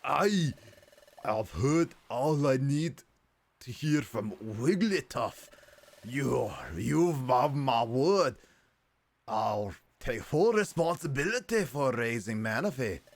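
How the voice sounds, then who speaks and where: A man voicing a gruff, solemn male walrus creature with a put-on Scottish accent, slow and loud. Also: mid-range voice, animated, voice pushed up.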